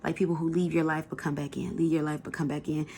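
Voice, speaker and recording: A woman's voice: low voice, little pitch movement, fast, a little mellow, a little hiss or hum. A woman giving a casual pick-a-card tarot reading, chatty and colloquial, talking straight to her viewers. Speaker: tarot reader.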